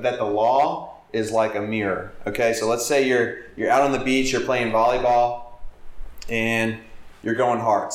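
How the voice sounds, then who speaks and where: A man preaching and teaching, earnest, asking his listeners questions as he explains a passage. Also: mid-range voice. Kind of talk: sermon. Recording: echoey hall.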